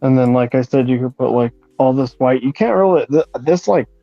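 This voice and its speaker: A man chatting casually and calmly while he paints, explaining as he works. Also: mid-range voice, brisk, vocal fry, no echo, soft background music. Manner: relaxed, explains while working. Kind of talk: casual chat. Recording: dull lo-fi sound.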